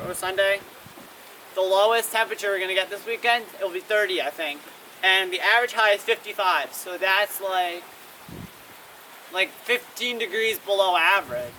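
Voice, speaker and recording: High-voiced man vlogging outdoors in wind. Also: pushed and bright. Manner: rambling, self-correcting, trying foreign words. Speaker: weather vlogger. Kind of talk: casual outdoor weather vlog. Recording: distant windy outdoor recording.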